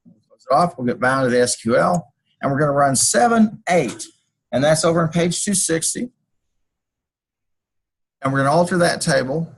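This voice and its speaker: A man's voice: fairly high pitch, animated, normal speed, pauses often, slightly rough, rough recording. A man teaching a class over a screencast, walking through code and drifting into folksy personal stories. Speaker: college instructor. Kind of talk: screencast lecture.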